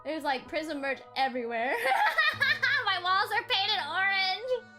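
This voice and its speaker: A woman's voice: very high-pitched, sing-song, slow. A young woman in her twenties streaming as a VTuber, chatting casually and giggling often. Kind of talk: casual livestream chat. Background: faint background music.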